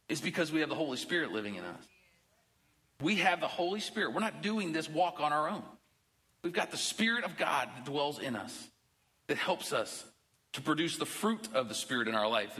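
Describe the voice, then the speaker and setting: Man, middle-aged pastor, conversational sermon, jokes and asides, bright tone, long church reverb. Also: fairly high pitch. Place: church sanctuary.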